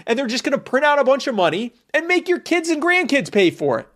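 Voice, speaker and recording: A man's voice: high-pitched, sing-song, fairly quick, hardly any pauses. Sarcastic man with a raised voice. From United States. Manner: sarcastic, emphatic, full of fillers. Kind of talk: opinionated monologue.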